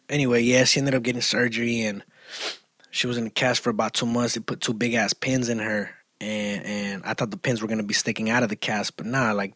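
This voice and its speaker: A man telling a casual, profane, slang-heavy story, getting loud and animated as he goes. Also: on the low side, no echo, studio quality. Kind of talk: casual chat.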